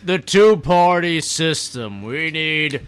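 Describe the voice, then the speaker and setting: A man in a casual chat who speaks slowly and makes dry, deadpan remarks. His voice is smooth and clear, with a bright tone. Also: fairly high pitch, no echo.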